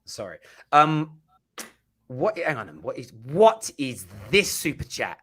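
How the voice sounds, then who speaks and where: A man hosts a casual livestream chat, talking in quick restarts and repeated words. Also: on the high side, breathy edge. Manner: animated, stammering restarts. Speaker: host.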